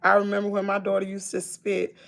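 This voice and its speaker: A woman's voice: medium pitch, completely flat delivery, brisk, creaky, a bit bright. A middle-aged woman with a Southern US accent, chatting casually with viewers on her livestream in a folksy way. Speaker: livestream host.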